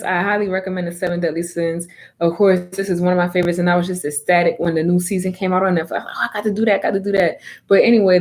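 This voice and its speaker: A woman reviews an anime in a casual vlog. She is animated and emphatic and drops slang freely. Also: mid-range voice.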